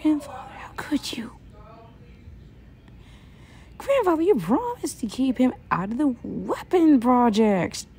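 A woman voicing a gentle, loving young girl in a fan audio drama, speaking softly and often in a whisper. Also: sits high, huge pitch swings, a little slow, vocal fry, few pauses, voice pushed up, full character voice. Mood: hurt. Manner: soft, often whispered, pleading.

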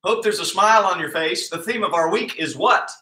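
Upbeat pe coach guy calling out exercises nonstop, bright tense voice, kinda roomy echo. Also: high voice, a little fast. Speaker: kids' PE coach. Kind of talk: live-streamed exercise class. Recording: echoey room sound.

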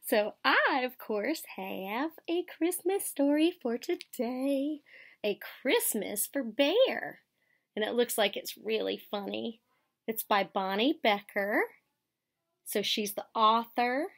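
A woman teacher reads a picture book aloud to children. Her voice sits fairly high and moves a lot in pitch. She speaks slowly and expressively, stopping to ask questions. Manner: warm, expressive storytelling, asks questions of children.

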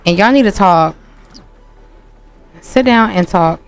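A woman's voice: medium pitch, slow, soft background music. A woman giving casual gameplay commentary, chatting and playfully scolding the characters on screen. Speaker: game streamer.

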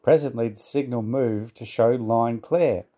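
A man reading a children's storybook aloud in a calm, even manner. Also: mid-range voice, unhurried.

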